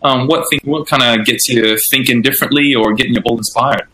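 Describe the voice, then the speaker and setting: Bright-voiced easygoing male interviewer. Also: mid-range voice, steady tone, brisk, rough recording. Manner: easygoing, agreeable, asks questions. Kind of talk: casual interview chat.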